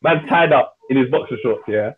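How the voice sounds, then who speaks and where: A man, co-hosting a casual chat and retelling a TV episode in animated slang. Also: medium pitch, normal speed, slight background noise. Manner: animated storyteller acting out scenes in slang. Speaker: podcast co-host. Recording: husky voice over a tinny phone-like line.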